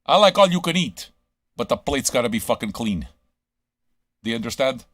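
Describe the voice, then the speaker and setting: A man's voice: mid-range voice, lively intonation, moderate pace, fairly bright tone, no echo. A man hosting a live radio stream, ranting crudely at his listeners with constant swearing and rhetorical questions. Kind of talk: crude rambling monologue to chat.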